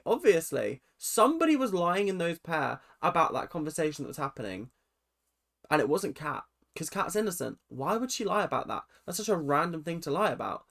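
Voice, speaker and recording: Opinionated guy with a lively voice. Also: a little high. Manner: opinionated, rambling, goes off on tangents. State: tired. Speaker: reaction vlogger. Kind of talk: casual episode recap.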